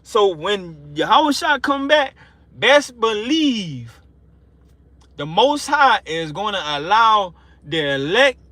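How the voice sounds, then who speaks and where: A man preaching an informal sermon, fervent and emotional, repeating himself and slowing down to read scripture aloud. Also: sits high, pushed and bright, dry recording. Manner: emotional, fervent, repetitive, slows down reading scripture. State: excited and sweating.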